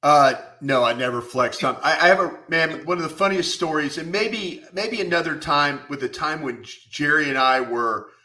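A man's voice: a little high, lively intonation, moderate pace, few pauses, sharp tone. A middle-aged man, a former football scout and co-host, telling rambling anecdotes full of fillers. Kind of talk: casual storytelling.

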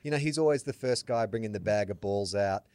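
Lively Australian man, deep and dry. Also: a little fast, clear, resonant tone, no room sound. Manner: animated storyteller, acts out quotes loudly. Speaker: podcast co-host. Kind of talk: casual chat.

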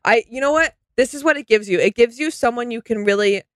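A woman's voice: a little high, fast, no room sound. A woman co-hosting a podcast, rambling enthusiastically in casual chat about reality TV. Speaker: podcast co-host.

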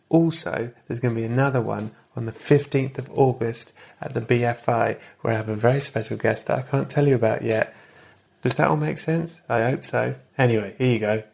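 A man's voice: medium pitch, gravelly, a little mellow. A male podcast host giving chatty, self-correcting announcements before the episode. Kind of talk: recorded intro announcements.

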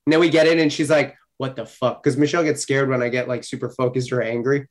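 A man's voice: mid-range voice, steady tone, quick pace. A man talking about competing, intense and heavy on profanity as he tells stories. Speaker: competitor guest. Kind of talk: casual chat.

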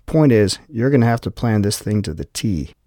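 A man's voice: on the low side, expressive, normal speed, mellow, no echo, clean studio sound, natural voice. A man voicing a nervous, defiant male security guard who curses in exasperation. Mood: wary. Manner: exasperated, cursing.

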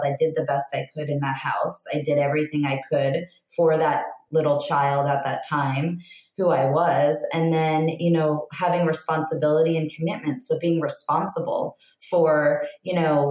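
A woman guest on a podcast speaks reflectively and softly, using plenty of fillers. Her voice is very low and flat in pitch. The recording carries an echo from the room. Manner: reflective and soft-spoken, with frequent fillers. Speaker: podcast guest, empowerment coach. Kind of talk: candid podcast conversation.

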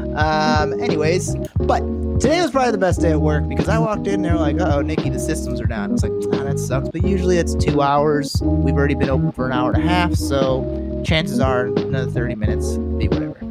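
A man co-hosting a podcast, telling a work story in a casual, animated and profane way and acting out the people he quotes. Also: fairly high pitch, fairly quick, loud music behind the voice. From works in Los Angeles. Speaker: podcast co-host.

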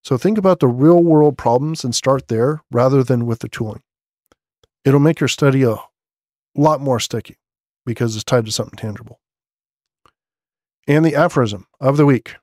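A man's voice: mid-range voice, moderate pace, long pauses, darkish tone, no room sound. A man hosting a podcast, running through tech news items in a loose, conversational way with asides, recorded on a studio condenser microphone. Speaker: podcast host. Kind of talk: casual newsletter-style tech commentary.

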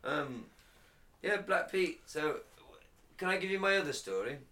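A man's voice: on the high side, sing-song, measured pace, sharp tone. A man co-hosting a casual podcast, reading notes aloud, laughing often and stumbling over foreign words. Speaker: podcast co-host.

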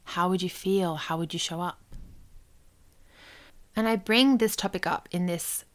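A woman's voice: on the low side, unhurried, fairly bright tone. A woman hosting her own podcast, talking casually and reflectively about belonging in business, with small asides. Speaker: podcast host. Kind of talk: casual solo podcast talk.

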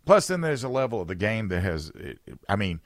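A man's voice: fairly low pitch, sing-song, fairly quick, no room sound. A man hosting a talk radio show, rambling and sarcastic in an opinionated chat from a studio.

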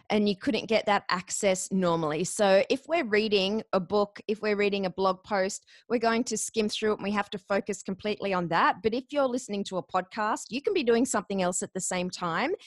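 An Australian woman in her forties, a former radio announcer turned podcast guest booker, answering interview questions with quick, enthusiastic energy. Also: medium pitch, dry recording, studio quality.

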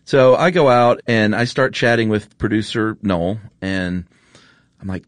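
Low-voiced guy hosting a podcast, rambly storytelling, dry close sound. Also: unhurried, no room sound. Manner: relaxed, rambling, lots of fillers. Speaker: podcast host. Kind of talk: storytelling monologue, then casual chat.

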